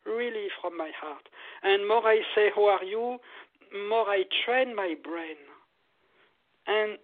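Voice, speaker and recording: High-voiced man over a phone-like line. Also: slow. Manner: animated, repetitive, laughs often. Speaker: meditation teacher, guest. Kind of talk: casual interview.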